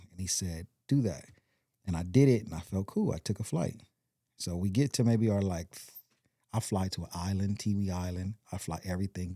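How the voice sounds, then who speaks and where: A man's voice: low voice, warm tone, dry recording, clean studio sound. A man from Compton, a podcast guest, telling a long personal story in a rambling way and acting out the quoted voices. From Compton, California. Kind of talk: storytelling in casual interview.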